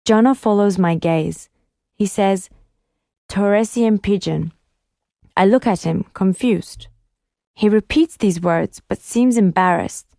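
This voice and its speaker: A woman calmly narrating a first-person audiobook in a measured way. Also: mid-range voice, no room sound, studio quality.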